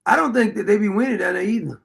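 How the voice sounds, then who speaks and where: A man's voice: sits high, fast talker, vocal fry. A man hosting a livestream who laughs, exclaims and mocks the clips he plays. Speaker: livestream host. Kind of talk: mocking livestream commentary.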